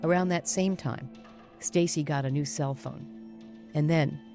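A middle-aged woman hosting a true-crime podcast, narrating cases with crisp emphasis and interviewing guests. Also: deep voice, a little slow, dark tone, soft background music. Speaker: podcast host.

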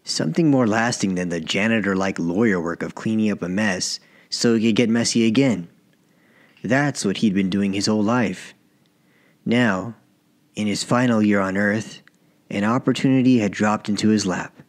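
A man narrating his own short story as an audiobook, in a measured, even reading. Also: lowish voice. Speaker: author and narrator.

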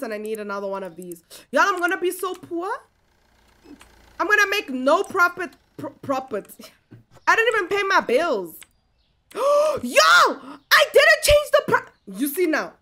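Lively high-voiced woman. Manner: animated, exclaiming, chatting to viewers. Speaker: gaming streamer. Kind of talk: casual gameplay commentary.

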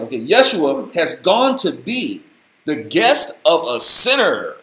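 Man preaching bible stuff real casual and folksy, higher voice, echoey room. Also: unhurried. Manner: animated, folksy, slangy preaching. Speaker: host, Bible teacher. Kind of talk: casual Bible study talk.

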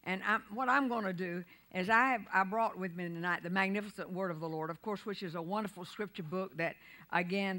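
A middle-aged woman pastor preaching a sermon in a church, swinging from quiet talk to loud shouts and leading call-and-response. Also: fairly low pitch. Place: church sanctuary.

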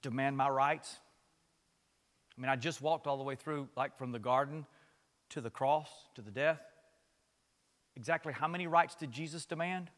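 A man preaching a sermon as pastor, switching between loud impassioned passages and quiet conversational asides, with repeated phrases. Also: medium pitch, moderate pace, pauses often, big-room sound.

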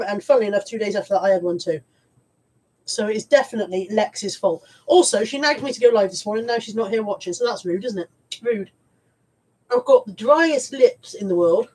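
Husky woman with a head cold. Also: on the high side, darkish tone, low-quality recording. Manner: chatty, rambling, self-mocking. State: stuffy head cold, coughing. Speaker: YouTube live streamer. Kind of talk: casual live-stream chat.

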